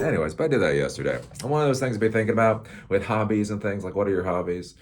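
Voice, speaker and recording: A man's voice: fairly low pitch, animated, rapid-fire, few pauses, noisy background. A middle-aged man hosting a casual, rambling tech commentary show, sarcastic and laughing at his own jokes.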